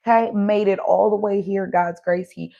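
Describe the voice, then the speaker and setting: A woman's voice: mid-range voice, fairly even intonation, moderate pace, vocal fry, highs cut off. A woman with a slight Southern country accent giving a casual tarot reading, chatty and tired after an overnight drive, asking "right?" as she goes. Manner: chatty, addresses viewers as y'all, frequent "right?" asides. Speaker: tarot reader.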